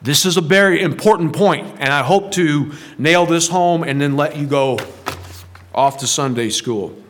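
A man's voice: on the high side, unhurried, slight background noise. Man preaching in a chatty, laughing way. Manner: conversational preaching with chuckles and rhetorical questions. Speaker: pastor. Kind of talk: sermon.

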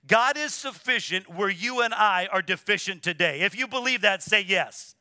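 Bright-voiced man preaching emphatically. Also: sits high, lively intonation, normal speed, hardly any pauses, no room sound, studio quality. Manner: emphatic preaching, repeats words, asks congregation to respond. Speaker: pastor. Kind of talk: sermon. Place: church sanctuary.

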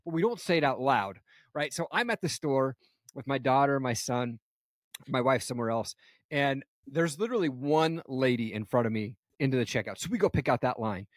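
A man's voice: medium pitch, lively intonation, a little fast, no echo. Dry-sounding, upbeat podcast host man. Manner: laughs often, says "dude" and "man" constantly. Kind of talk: casual chat. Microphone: video call.

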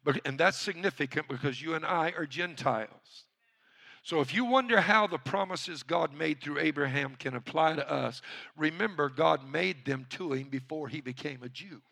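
Man, pastor, sermon, high voice, gravelly, calls on the congregation. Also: animated, normal speed, bright, forceful tone.

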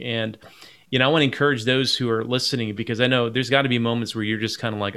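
A man's voice: mid-range voice, a little fast, pushed and bright. A man hosting a podcast, responding in an encouraging way and searching for words as he talks. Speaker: podcast host. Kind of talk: conversational podcast.

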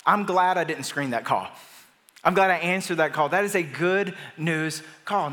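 Middle-aged male pastor, fairly high voice, storytelling sermon, large echoing church. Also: normal speed, bright, forceful tone. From Atlanta area, US. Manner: conversational storytelling with restarts, building to emphatic declarations. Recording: long reverb of a large church hall.

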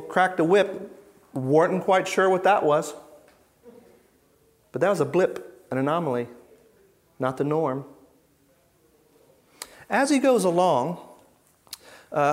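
A man giving a conference teaching talk to a live audience, emphatic, asking rhetorical questions and swinging between loud bursts and hushed asides. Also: a little high. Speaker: Bible teacher.

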